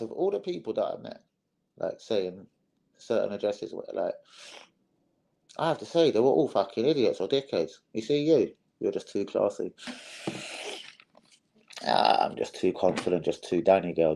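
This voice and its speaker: A man's voice: on the low side, big pitch swings, moderate pace, gravelly, long pauses, mellow, low-quality recording. A young man hosting a casual live stream, swearing freely and calling his viewers "bros".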